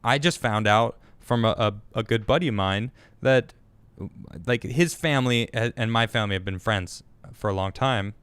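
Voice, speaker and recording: A man's voice: mid-range voice, a bit bright, clean tone, dry recording. Chatty man hosting a live talk show. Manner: chatty, halting with restarts and fillers. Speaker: host. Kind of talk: casual chat, reading viewer comments.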